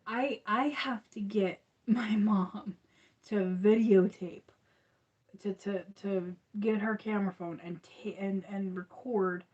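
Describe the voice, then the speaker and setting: A woman's voice: medium pitch, darkish tone, muffled recording. A woman hosting a crochet livestream, chatting casually and rambling with frequent laughs.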